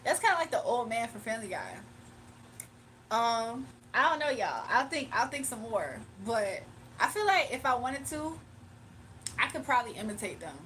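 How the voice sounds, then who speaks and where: A young woman runs a casual live stream, reading chat aloud, using slang, and laughing frequently with her viewers. She's very animated at normal speed, with a fairly high, slightly bright voice and a little background hiss or hum.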